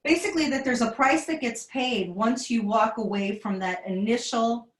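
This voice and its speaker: A woman student in a class discussion, speaking in a measured way as she searches for her words. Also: on the high side, echoey room.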